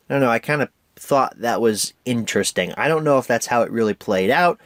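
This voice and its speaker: A young man hosting a casual home media review, animated and rambling, often correcting himself. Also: medium pitch, a little fast, few pauses, no room sound, clean studio sound.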